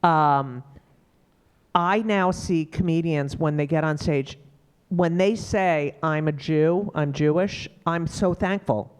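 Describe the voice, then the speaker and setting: A woman's voice: takes it slowly, clean tone. A middle-aged woman comedian, telling stories emphatically in a panel conversation. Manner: animated, emphatic storyteller with sudden pitch jumps. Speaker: stand-up comedian.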